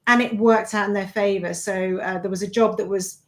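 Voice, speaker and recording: A woman's voice: medium pitch, fairly even intonation, brisk. A woman, an executive coach hosting a live online show, chatting casually with fillers and self-deprecating asides. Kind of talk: casual live-stream chat.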